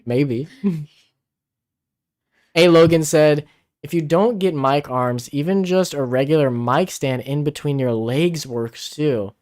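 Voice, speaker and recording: A man's voice: fairly high pitch, takes it slowly, darkish tone. A man co-hosting a casual livestream from home, chatting and reading viewer comments aloud. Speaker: livestream co-host. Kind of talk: casual live-stream chat. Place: home in the Philippines. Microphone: camera-mounted mic, out of frame.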